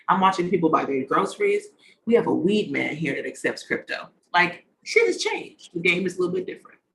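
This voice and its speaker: A man with a slightly high, fairly bright voice comes through on poor audio while hosting an online conference over a video call. He's chatty and slangy, wandering off on tangents as he goes.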